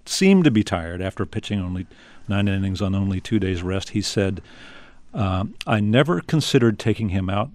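A man hosting a radio interview, asking questions and reading measured, scripted introductions. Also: lowish voice, a little mellow. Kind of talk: broadcast interview and narration.

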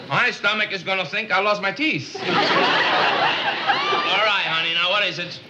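An actor with a Cuban accent playing a hungry, harried husband in a 1950s sitcom. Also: male voice, high-pitched, animated, slow pace, pauses often. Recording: old TV audio with background noise.

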